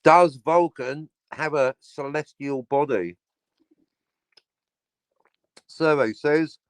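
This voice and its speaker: A man's voice: a little high, slow pace, smooth, no room sound. A man hosting a casual livestream, talking in a sardonic, sweary way and slipping into mock announcer asides. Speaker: livestream host.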